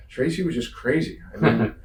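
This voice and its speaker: Heard through a distant mic with a roomy sound and slight background noise, a man from the Northeastern United States shares road stories in an interview. His mid-range voice is animated and casual as he acts out quotes and swears freely.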